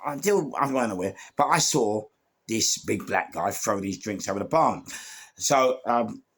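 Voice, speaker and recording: A man's voice: on the low side, moderate pace, breathy edge. A man with a London accent telling rambling stories about doing door security, full of restarts and asides. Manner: rambling, many restarts and fillers, animated asides. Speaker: podcast guest storyteller. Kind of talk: casual storytelling.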